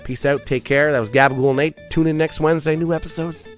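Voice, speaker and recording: A man's voice: on the high side, steady tone, quick pace, faint music behind. A man hosting a solo comedy podcast from his garage, rambling, self-deprecating and swearing often. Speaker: podcast host. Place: home garage.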